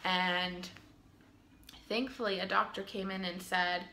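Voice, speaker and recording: Young woman with a bright, gravelly voice. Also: lowish voice, flat delivery, slow, slight background noise. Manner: earnest, with frequent ums and retold quotes. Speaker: vlogger telling her birth story. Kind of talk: casual storytelling to camera. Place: home room.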